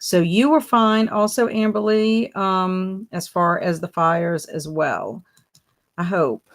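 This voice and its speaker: A woman's voice: on the low side, takes it slowly. A middle-aged woman, hosting a casual book livestream, chatting upbeat and greeting viewers by name in a sing-song lift. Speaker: booktube host. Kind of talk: casual livestream chat reading viewer comments.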